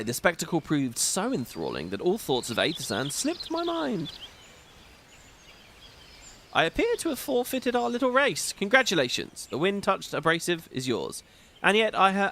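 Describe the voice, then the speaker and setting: A man's voice: fairly high pitch, very animated, moderate pace, bright, forceful tone, a little hiss or hum, heavily acted. A man voicing a theatrical, courtly male chronicler, reading game dialogue aloud in a grandiose, flowery way. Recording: game music behind voice.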